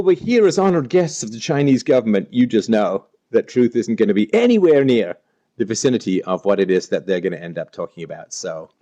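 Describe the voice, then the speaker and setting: Mellow-voiced man hosting a live stream. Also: mid-range voice, dull audio. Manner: playful, jokey, reads out chat names. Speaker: livestream host. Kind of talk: casual live-stream chat, greeting viewers.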